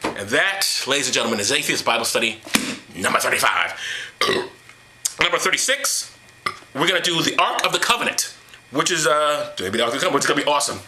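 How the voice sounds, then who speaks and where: Sarcastic man with a very bright voice. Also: medium pitch, lively intonation, fast talker, a little hiss or hum. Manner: mocking, irreverent, with exaggerated sighs and hums. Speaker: host of an atheist commentary series. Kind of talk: sarcastic solo commentary on scripture.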